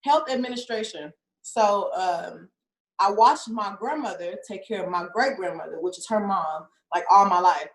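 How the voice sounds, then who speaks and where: With a medium-pitched voice and moderate pace, a young woman rapper chats through a casual interview. She laughs often and uses "like" constantly, and the recording has a roomy echo.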